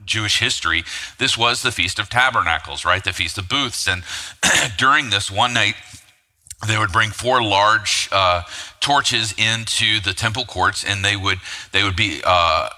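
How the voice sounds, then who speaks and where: A man's voice: on the low side, unhurried, pushed and bright. A man preaching a sermon as pastor, talking conversationally with rhetorical asides and frequent fillers. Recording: long hall reverb.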